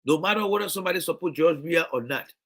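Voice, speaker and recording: A man's voice: fairly high pitch, fast, a bit bright. A man with a Liberian English accent giving impassioned political commentary, often stumbling and repeating words. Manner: impassioned, repetitive restarts. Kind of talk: video commentary.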